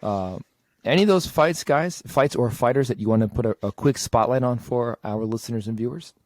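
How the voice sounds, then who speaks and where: A man hosting a podcast, introducing fights and reading fighter stats in a measured way. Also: medium pitch, a little mellow, no room sound. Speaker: podcast host. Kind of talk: casual show segment host.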